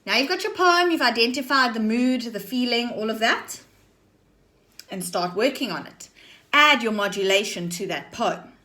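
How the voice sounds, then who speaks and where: A woman's voice: a little high, lively intonation, bright, forceful tone. A woman teaching a drama lesson to her class, explaining step by step and often checking in with "okay?" and "right?". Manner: slow, deliberate explaining.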